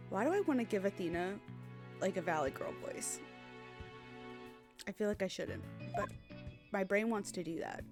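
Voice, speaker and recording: A woman's voice: medium pitch, expressive, normal speed, long pauses. Woman streamer, casual gameplay commentary, musing, offhand, music behind.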